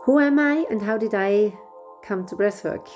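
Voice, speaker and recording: A middle-aged woman whose first language is German, guiding a breathwork session in a gentle, unhurried way with small restarts. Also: medium pitch, faint music behind. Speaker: breathwork facilitator. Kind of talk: guided breathwork instruction.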